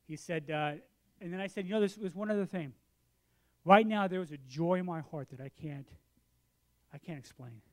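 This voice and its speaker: A man in his sixties preaching a sermon, telling a story with lively acted-out dialogue, then turning quiet and earnest for the lesson. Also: on the high side. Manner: animated storytelling, acts out both sides of a conversation.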